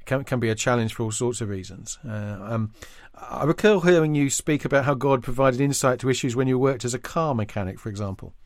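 A man's voice: medium pitch, a little fast, few pauses, no echo. Hesitant male interviewer, dry sound. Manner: hesitant, many fillers. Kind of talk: interview questions.

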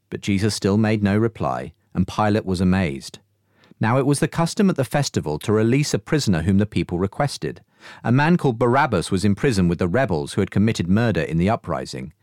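A low-voiced man reads scripture in a measured way, his pitch rising and falling widely. The recording is dry and close to the mic, with no room sound. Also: no echo. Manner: measured, expressive reading. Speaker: scripture reader. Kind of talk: scripture reading.

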